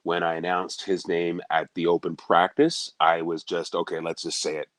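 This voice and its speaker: A middle-aged man, a PA announcer, talking in an animated way in a podcast interview. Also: deep voice, normal speed, no echo. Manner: animated, bursts into announcer calls.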